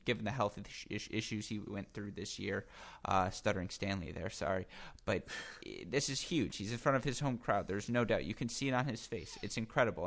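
A man's voice: fairly low pitch, fairly bright tone. A young man co-hosting a sports podcast, talking in playful, jokey banter. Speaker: podcast co-host. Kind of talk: casual sports podcast chat.

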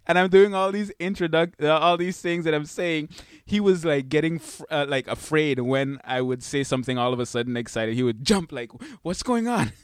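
Upbeat male podcast host, high-pitched, easygoing chatty delivery, dry close-mic sound. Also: clean tone, no room sound. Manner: upbeat, laughing often, talking to his baby son on his lap. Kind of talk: casual podcast chat. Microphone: desk microphone.

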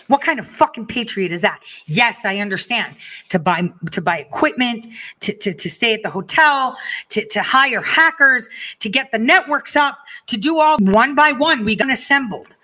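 A woman giving a blunt, profane, impassioned monologue, telling stories with animated swings in her delivery. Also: on the high side, moderate pace.

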